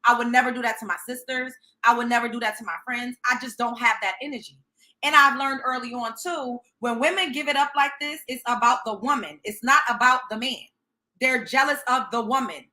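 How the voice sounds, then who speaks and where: A woman's voice: on the high side, brisk, pushed and bright. A young woman from Brooklyn, hosting a show and telling a story in a blunt, profane, sassy way. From Brooklyn, New York. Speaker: host. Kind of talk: storytelling commentary.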